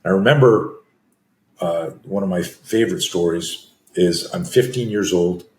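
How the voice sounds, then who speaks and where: This deep, slightly mellow voice belongs to a Canadian man in his sixties who coaches self-defense. As a guest he tells stories at a measured pace, reenacting scenes with gasps and screams. The sound is echoey and roomy.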